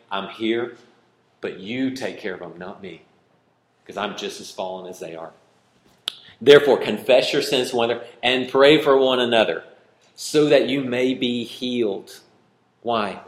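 A man preaching and teaching a Bible verse, lively and conversational, acting out little scenes and questioning his listeners. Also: on the low side. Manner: animated, acts out little scenes, asks the room questions. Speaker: pastor. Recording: roomy echo.

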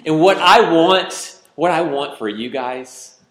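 Slow-talking pastor in an echoey hall. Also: male voice, a little high. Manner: conversational, teasing the congregation with questions. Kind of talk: sermon. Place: church hall with congregation.

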